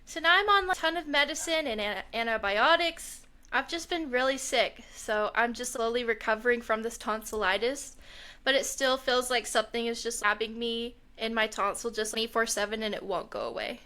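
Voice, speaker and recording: A young woman from Texas co-hosting a podcast, chatting casually and telling stories, quoting others in lively bursts. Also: a little high, fairly quick. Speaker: podcast co-host. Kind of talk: casual chat.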